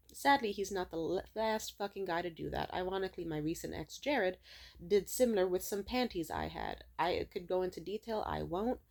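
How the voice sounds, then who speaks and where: A woman's voice: on the low side, normal speed, gravelly. Blunt, profane young woman vlogging. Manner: blunt, profane, animated storytelling. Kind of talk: casual venting to camera.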